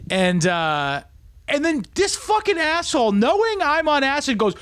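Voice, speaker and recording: A young man with a high voice hosts a casual podcast. He tells rambling stories full of swearing and breaks into laughs mid-sentence. The sound is dry and close. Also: huge pitch swings, unhurried, fairly bright tone, no echo. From south of Boston, USA. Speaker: podcast host.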